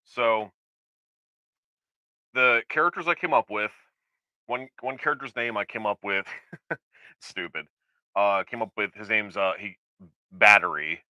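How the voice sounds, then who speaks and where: A man's voice: fairly low pitch, a little slow, long pauses, bright, forceful tone, no echo, lo-fi sound. A man co-hosting a casual chat show, rambling and hesitant with lots of fillers and restarts. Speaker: podcast co-host.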